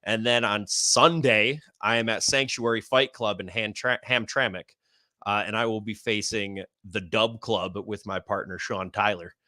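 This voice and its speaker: A man's voice: lowish voice, unhurried, pushed and bright, no echo, clean studio sound. A man co-hosting a casual wrestling livestream, rambling cheerfully through plugs and schedules. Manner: upbeat, rambling plugs with laughs. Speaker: podcast co-host and wrestler.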